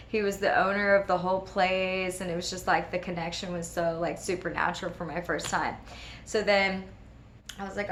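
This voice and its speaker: A woman, a regular host of a spiritual video series, telling a personal story in casual, animated talk and acting out the voices of the people in it. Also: fairly low pitch, brisk, slight background noise. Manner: animated, laughing often, acts out quoted voices.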